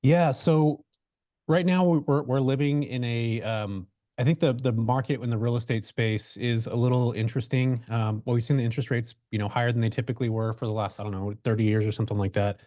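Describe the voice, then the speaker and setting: A man's voice: medium pitch, steady tone, fairly quick, dark tone, no room sound, clean studio sound. A man guest on a webinar interview, telling his story in a loose, conversational way with lots of fillers and restarts, over a video call mic. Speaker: real estate investor guest.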